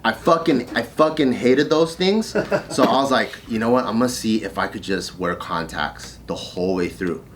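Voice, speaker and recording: A man in his thirties swaps stories on a casual podcast, cursing freely. He breaks into laughter and acts out gruff shouted lines. There is a faint hum of room noise behind him. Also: lowish voice, moderate pace, hardly any pauses. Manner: profane, laughing storyteller acting out drill instructors. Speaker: podcast co-host telling a story. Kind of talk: casual chat.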